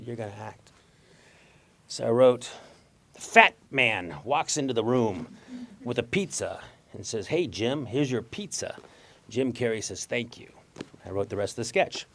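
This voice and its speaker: A man's voice: medium pitch, bright, forceful tone. A middle-aged Mexican-American man telling stories in a talk, acting out voices and laughing often. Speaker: guest speaker. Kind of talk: storytelling talk.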